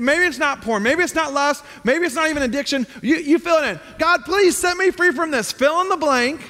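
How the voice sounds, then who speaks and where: A man's voice: very high voice, sharp tone. A middle-aged male pastor preaching a sermon in a conversational tone that rises to emphatic pleading. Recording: hall reverb.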